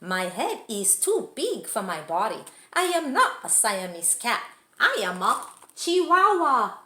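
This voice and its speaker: A woman voicing an excitable young male kitten who thinks he's a Chihuahua, with a put-on Spanish accent and a bouncy, theatrical, sing-song delivery. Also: a little high, a little slow, roomy sound, full character voice. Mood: proud. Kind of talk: storybook read-aloud voice.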